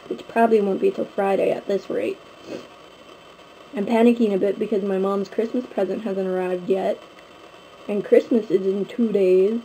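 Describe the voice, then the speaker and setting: This young Canadian vlogger chats to her close-held camera at home, rambling and leaning on lots of filler words. Her voice is mid-range and dark in tone, though the audio is poor and carries slight background noise.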